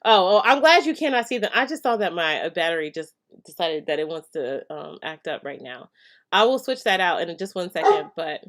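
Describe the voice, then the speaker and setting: A woman's voice: on the low side, very animated, fairly quick, fairly bright tone. A woman hosting a casual live stream, reading viewer comments and answering hair care questions in a chatty way with many fillers and frequent laughs.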